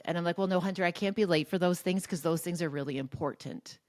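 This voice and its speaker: A woman in her forties, a guest expert telling a personal story in a podcast interview, animated with quick restarts and quoted dialogue. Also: on the low side, no room sound, studio quality.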